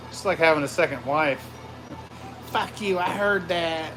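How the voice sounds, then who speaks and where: A man hosting a casual livestream from his home man cave, greeting viewers with loud, profane, rambling shout-outs. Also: a little high, takes it slowly, long pauses, noisy background. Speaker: livestream host.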